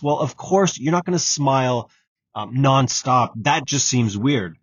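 A man's voice: mid-range voice, moderate pace, dry recording. A man hosting a solo podcast, giving direct coaching advice and repeating key points. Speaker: exam prep podcast host. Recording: dull lo-fi audio with clear background noise.

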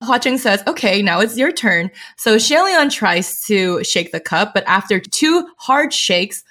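A young woman co-hosting a podcast, recapping a book in an excited, laughing, squealing way. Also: medium pitch, measured pace. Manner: squealing, laughing, breathless fangirling. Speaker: podcast co-host.

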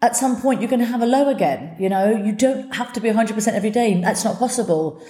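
A woman's voice: a little high, fast, mellow, reverberant. A woman hosting her own podcast, talking candidly and from the heart, swearing freely as she speaks. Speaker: podcast host. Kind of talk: candid solo podcast talk.

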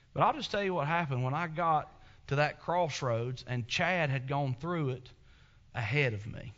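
A man preaching a sermon as pastor, telling stories with emphatic swings between loud and soft. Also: fairly high pitch, muffled recording. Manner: emphatic, storytelling preacher with big swings in loudness.

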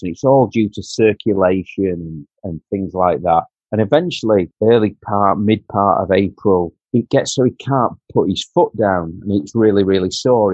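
A man recounts a painful family story, stopping and restarting, his voice dropping quiet and choked in places. His voice sits low and a little husky. The recording is dull, dry and lo-fi. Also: no echo. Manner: halting, repeats words, quiet and choked in emotional parts. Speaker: guest telling a personal story. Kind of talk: emotional personal storytelling.

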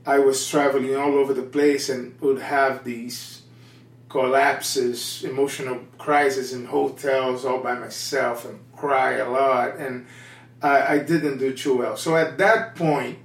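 A man's voice: medium pitch, level tone. Earnest Brazilian-accented man in an echoey room. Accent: Brazilian Portuguese. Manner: candid and earnest, with halting restarts. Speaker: missionary guest. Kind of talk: personal testimony in an interview. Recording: echoey room with a distant mic.

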